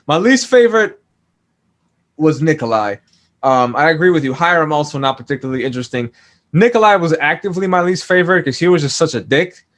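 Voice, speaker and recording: A man's voice: on the high side, animated, fairly quick, a bit bright. A man as a podcast guest, chatting casually about a TV series, thoughtful, with many fillers and restarts. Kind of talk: casual TV discussion.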